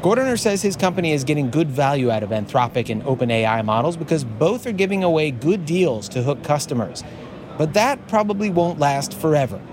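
A male radio news reporter reads his scripted story with measured, even pacing. His voice sits a little higher than most men's. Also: background noise.

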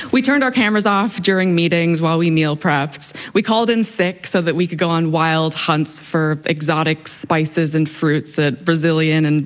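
A young adult woman telling a wry, lively personal story on stage. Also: low-pitched.

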